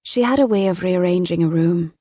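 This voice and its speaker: A lively young woman in an audiobook, chatty and watchful, as the narrator puts her on. The voice is dark and warm, and the recording is close and dry. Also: on the low side, fairly quick, dry recording, lightly acted.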